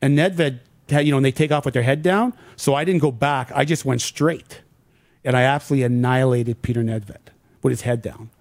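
A middle-aged man, a former pro hockey player, telling animated stories in an interview and acting out what people said. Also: mid-range voice, brisk, no echo. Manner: animated anecdotes acting out quoted dialogue. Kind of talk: casual storytelling in an interview.

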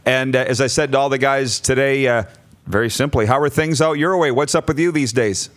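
A man's voice: medium pitch, a little fast, a bit bright. A man hosting a talk show, chatty and upbeat as he introduces a guest and asks him questions.

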